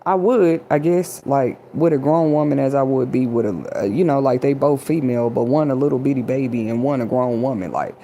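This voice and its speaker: A woman's voice: extremely low pitch, a little fast, hardly any pauses, warm tone, slight background noise. A woman hosting an inspirational livestream, talking casually and a bit preachily straight to her chat audience. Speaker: livestream host.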